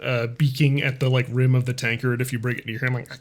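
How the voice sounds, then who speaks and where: A man's voice: mid-range voice, little pitch movement, fast. A man narrating as game master in a tabletop game, casual and amused, with many fillers.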